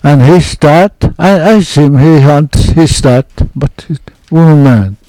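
An older man, telling a hunting story in halting, broken English with short phrases. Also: a little high, dark tone, no room sound, rough recording. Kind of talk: oral history storytelling.

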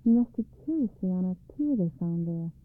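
A woman narrating a storybook in a calm, measured read-aloud way, on a tinny recording. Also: fairly low pitch. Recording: dry, tinny phone-like sound.

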